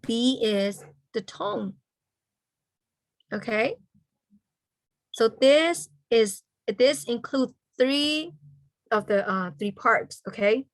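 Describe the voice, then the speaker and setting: A woman with a slightly high, animated voice teaches an online language lesson over video call, with no room sound. She slowly spells out letters and sounds, checking in with "okay?" after nearly every point.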